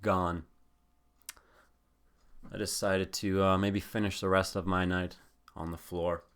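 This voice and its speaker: A man's voice: low voice, little pitch movement, slow pace, fairly bright tone. A young man hosting a podcast, telling a rambling, profane story in a casual chat style. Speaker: podcast host.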